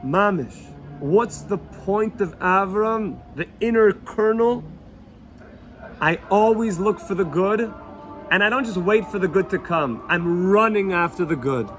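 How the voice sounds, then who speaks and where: A man's voice: sits high, unhurried, fairly bright tone, soft background music. A man, a rabbi, telling stories in an earnest Torah talk, repeating himself and sprinkling in Yiddish and Hebrew words. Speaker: rabbi teaching a weekly Torah lesson. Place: Jerusalem.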